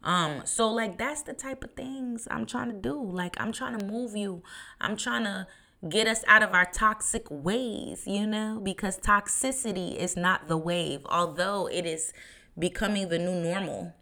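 A woman's voice: lowish voice, normal speed, creaky, bright, forceful tone. A woman in her thirties hosting a podcast, talking in a chatty, rambling way with lots of fillers. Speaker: podcast host. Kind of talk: casual podcast monologue.

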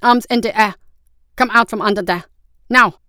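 A woman acts out a gruff guard captain who barks orders at full volume. His voice is raised and forceful in every line. The sound is crisp and close, with no echo. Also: medium pitch, moderate pace, close to an everyday voice. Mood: barking. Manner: shouting commands. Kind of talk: audiobook character voice.

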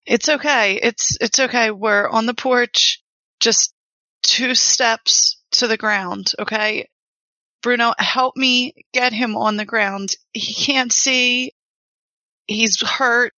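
A woman's voice: on the high side, steady tone, takes it slowly, pushed and bright, no echo, low-quality recording. A woman playing a worried friend in a tabletop role-play, pleading and reassuring. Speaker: player.

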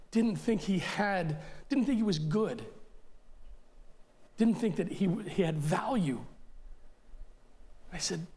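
A man's voice: high voice, darkish tone. A male pastor preaching a sermon in an emphatic, conversational way, speaking straight to his listeners.

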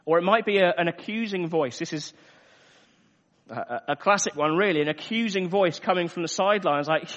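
A man's voice: high-pitched, fairly quick, fairly bright tone. A man preaching a sermon earnestly, repeating phrases for emphasis. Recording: echoey hall, dull lo-fi sound.

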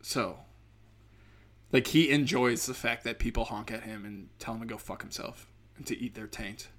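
A man rants through a casual comedy monologue at an ordinary middle pitch. He swears constantly and drifts from one complaint to another. His humor is dark and sarcastic. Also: moderate pace. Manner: profane, rambling, darkly sarcastic.

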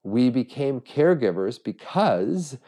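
A man's voice: mid-range voice, very animated, a little slow, dark tone. A middle-aged man hosting a solo podcast, talking in an earnest, self-searching way with frequent restarts while he has a cold. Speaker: podcast host. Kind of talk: reflective solo podcast monologue.

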